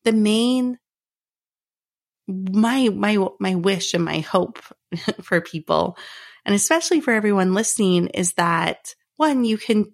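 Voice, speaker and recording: A woman's voice: medium pitch, animated, slow pace. A woman hosting her own podcast, talking in a heartfelt, earnest way with repeated phrases. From Canada. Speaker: podcast host. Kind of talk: personal podcast monologue.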